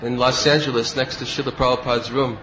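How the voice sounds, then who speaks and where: A man's voice: medium pitch, flat delivery, fast, a bit bright, slight background noise. Man telling a devotional story, lo-fi. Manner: storytelling, acts out quoted speech. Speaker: spiritual teacher giving a class.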